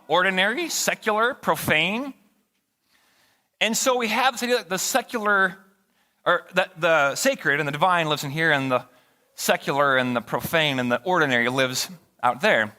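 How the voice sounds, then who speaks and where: Lively, bright-voiced male pastor. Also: fairly high pitch, long reverb tail. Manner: animated, conversational, jokes with the congregation. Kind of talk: sermon. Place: church sanctuary.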